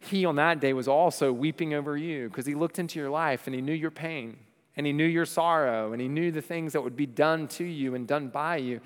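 A man preaching a sermon, swinging between loud urgent passages and soft, low, intense ones. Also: normal speed. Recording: long reverb of a large hall.

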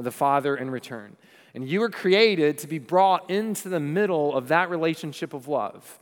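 A man preaching a sermon, swinging between loud urgent passages and soft, low, intense ones. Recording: long reverb of a large hall.

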